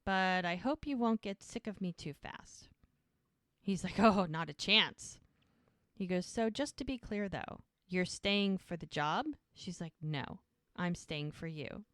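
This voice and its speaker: Podcast co-host, woman, slightly low voice, chatty scene-by-scene recap, dry close mic. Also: lively intonation, unhurried, fairly bright tone, dry recording. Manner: retells scenes by quoting characters. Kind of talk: casual recap of a TV episode.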